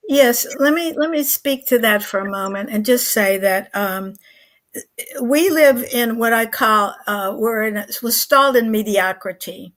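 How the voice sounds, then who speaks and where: A woman's voice: on the high side, unhurried, fairly bright tone. Woman in her eighties telling a story. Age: 80s. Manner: earnest, vivid storyteller who acts out quoted lines. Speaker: guest. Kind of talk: storytelling in a talk show interview.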